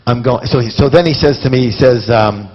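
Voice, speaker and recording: A man telling stories to a live seminar audience in an animated way, talking straight to the listeners. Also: medium pitch, a little fast, breathy edge. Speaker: seminar speaker. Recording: dull lo-fi recording.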